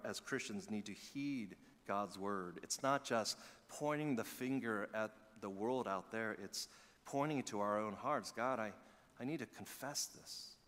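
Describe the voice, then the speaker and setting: A middle-aged male pastor preaching a sermon, telling stories with animated emphasis and dropping to quiet asides. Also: fairly low pitch. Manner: animated storytelling, swings between loud emphasis and quiet asides. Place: church sanctuary. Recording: long reverb of a church hall.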